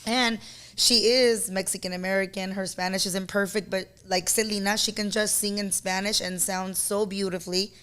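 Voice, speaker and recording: A woman co-hosting a podcast, telling stories in fast, animated casual chat full of "like". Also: medium pitch. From San Diego area. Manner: fast, animated storytelling with lots of "like". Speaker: podcast co-host.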